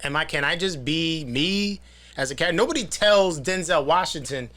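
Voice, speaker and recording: A man talking as a film director guest in a casual podcast chat, animated and swearing freely. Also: on the high side, moderate pace.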